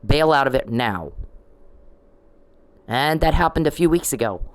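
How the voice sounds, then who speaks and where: A woman's voice: a bass voice, animated, a little slow, no room sound, rough recording. A middle-aged woman in a ranting vlog monologue, confrontational and repetitive, scolding someone directly. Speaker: vlogger.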